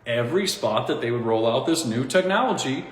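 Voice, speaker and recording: A man talking in a casual, rambling monologue, animated and mocking, often breaking into laughter at his own points. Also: medium pitch, fairly quick. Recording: echoey room with long reverb.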